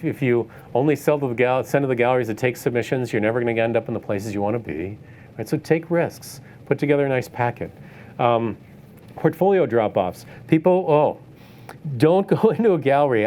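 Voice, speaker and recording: A man's voice: medium pitch, darkish tone, a little hiss or hum. A man giving a casual lecture on the art business to photographers, tossing in "right?" and laughing now and then. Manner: conversational, tag questions like "right?", laughs often. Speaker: art dealer giving a talk. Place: event space.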